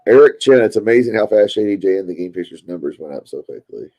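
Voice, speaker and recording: A man's voice: on the low side, expressive, quick pace, dark tone. A man with a Louisville Kentucky accent, chatting casually and rambling to his stream viewers. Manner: rambling, chatty, self-interrupting.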